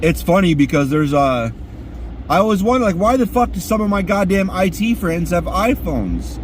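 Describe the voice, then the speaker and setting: A man's voice: high-pitched, big pitch swings, normal speed, background noise. A man ranting crudely and profanely while sitting in his car. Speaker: vlogger.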